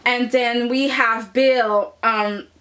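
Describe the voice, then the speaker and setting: A woman's voice: a little high, steady tone, very slow, a bit bright. A woman casually recapping a soap opera episode, sassy and chatty, often tagging her points with "okay?".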